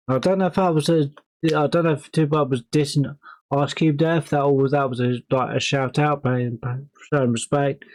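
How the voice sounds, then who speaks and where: A man's voice: mid-range voice, steady tone, moderate pace, darkish tone, no echo, rough recording. A man hosting a music reaction video, talking in a rambling, casual way with plenty of swearing and laughter.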